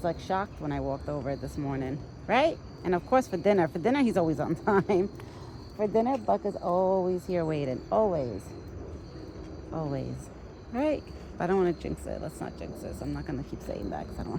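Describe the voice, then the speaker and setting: A woman's voice: lowish voice, darkish tone, slight background noise. A woman in her thirties chatting casually outdoors while feeding a deer, cooing baby talk at it. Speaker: vlogger feeding a wild deer. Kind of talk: casual chat. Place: outdoors in a yard at dusk. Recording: outdoor phone recording, crickets. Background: crickets and insects.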